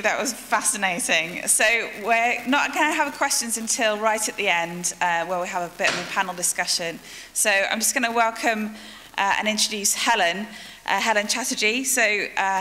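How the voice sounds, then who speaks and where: A woman hosts a lecture event and introduces speakers briskly and formally. Her voice is bright and clear. The reverb of a long hall and faint hiss sit behind her. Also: mid-range voice. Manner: brisk, with frequent "uh" fillers.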